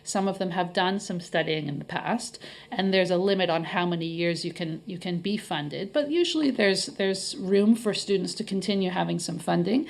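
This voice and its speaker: A woman's voice: on the low side, normal speed, creaky. A middle-aged Canadian woman, a guest on a podcast interview, explaining things in a friendly way with many fillers. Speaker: head of marketing, interview guest.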